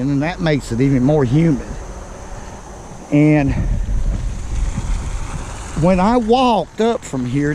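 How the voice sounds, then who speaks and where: Wearing a body-worn camera, an older fishing vlogger talks folksily to viewers from a creek bank outdoors in a casual vlog, slightly out of breath. His voice is a little high and a little mellow, on a rough recording with slight hiss or hum.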